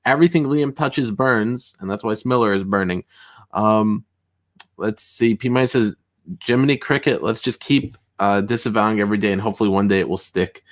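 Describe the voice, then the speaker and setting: A young man hosting a casual livestream, reading chat messages aloud, laughing often and getting loud and worked up when he tells a story. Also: on the low side, a little fast. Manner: chatty, excitable, laughs often, rising to shouts when riled. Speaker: streamer host reading chat.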